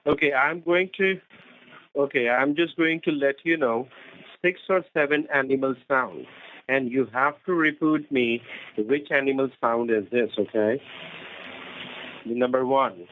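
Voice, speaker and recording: A man on a phone call, speaking in halting, broken phrasing and insisting on his instructions. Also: mid-range voice. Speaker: phone scammer. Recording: tinny phone line.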